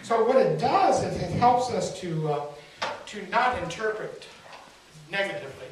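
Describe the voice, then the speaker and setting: A man's voice: high-pitched, animated, normal speed. Man speaking in a very echoey hall. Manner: folksy, engaging, asks the audience questions. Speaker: spiritual speaker. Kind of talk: inspirational talk with storytelling. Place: large hall at a spiritual center. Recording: echoey hall, distant mic, faint hiss.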